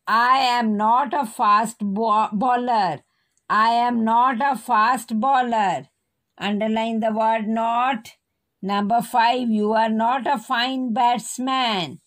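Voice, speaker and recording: A woman teacher dictating a grammar lesson to young children, spelling words out slowly. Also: a little high. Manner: slow, deliberate dictation, spelling words out letter by letter. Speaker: school teacher.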